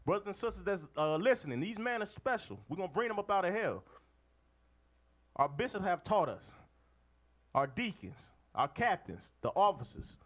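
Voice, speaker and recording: Preacher guy, high voice that jumps all over, calling for verses and pushing the men hard. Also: very animated, moderate pace, fairly bright tone. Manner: emphatic, calls for readings, call-and-response. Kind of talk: street-style sermon to a group of men.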